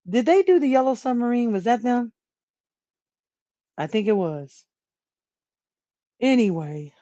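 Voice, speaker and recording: A woman's voice: mid-range voice, no echo, lo-fi sound. A woman hosting a casual livestream, rambling about everyday topics, laughing often and chatting with viewers. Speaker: livestream host.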